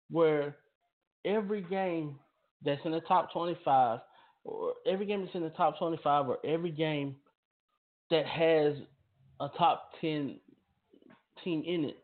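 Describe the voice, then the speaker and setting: A man hosting a football talk radio show, speaking emphatically and often repeating and restarting his phrases. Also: on the high side. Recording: tinny phone-line audio.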